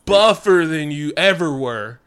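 A man with a fairly high voice, talking animatedly through a movie recap. His pitch swings widely as he acts out the characters, and he swears freely. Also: expressive, a little slow, fairly bright tone, clean tone. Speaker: podcast co-host. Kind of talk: casual movie recap chat.

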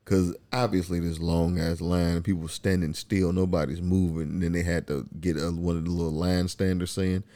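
A man's voice: moderate pace, hardly any pauses. A man, chatting casually as a podcast co-host and acting out quotes. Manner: animated, acts out quotes in high voices. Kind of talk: casual chat about a TV show.

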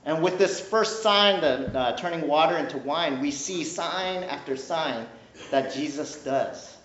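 Here a fairly high-pitched man delivers a sermon a little slowly, keeping it chatty and lively while he teases the congregation and keeps asking "right?" Slight background noise sits under the dull, lo-fi audio, captured in an echoey space.

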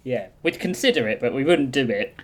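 A man's voice: medium pitch, expressive, a little fast, a crowd in the background. A man co-hosting a tabletop podcast, chatting casually and agreeably. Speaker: podcast co-host and player. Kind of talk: casual chat.

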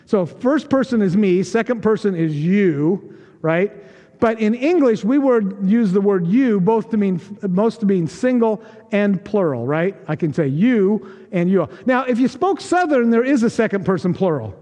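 High-voiced man preaching in a reverberant hall. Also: animated, moderate pace, warm tone. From United States. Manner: conversational, joking, acts out quoted voices. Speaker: pastor. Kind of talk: sermon. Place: church sanctuary. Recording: long reverb of a church hall.

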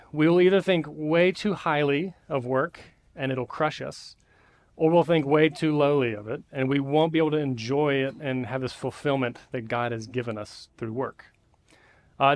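A male pastor, preaching a conversational sermon with frequent fillers in a church. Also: on the high side. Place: church sanctuary.

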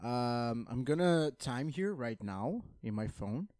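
A man's voice: mid-range voice, lively intonation, takes it slowly, a little mellow, no room sound, clean studio sound. A man co-hosting a podcast, chatting casually and making offhand jokes. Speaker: podcast co-host. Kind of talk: casual chat.

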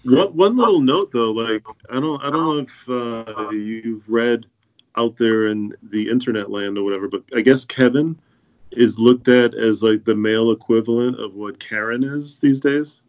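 A man's voice: medium pitch, normal speed. A man hosting a podcast in a casual chat, laid-back and hesitant, often laughing. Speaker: podcast host.

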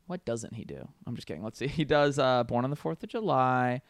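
A man's voice: medium pitch, animated, fairly quick, no echo. Casual male podcast co-host, rambling and crude, dry close sound. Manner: profane, joking, rambling with fillers. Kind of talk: casual chat.

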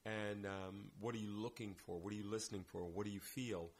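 A man's voice: lowish voice, steady tone, a little fast. A man, a theater director guest on a podcast, telling anecdotes in casual chat and acting out the lines he quotes.

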